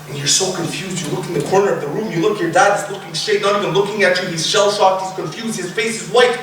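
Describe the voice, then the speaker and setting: A young man preaches with dramatic storytelling and acts out voices, rising to shouts at the peaks. His voice is high and bright. It is recorded from a distance in a very echoey mosque hall with faint noise behind it. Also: fast, hardly any pauses. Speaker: youth speaker. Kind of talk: emotional sermon. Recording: echoey room, speaker far from mic, faint noise.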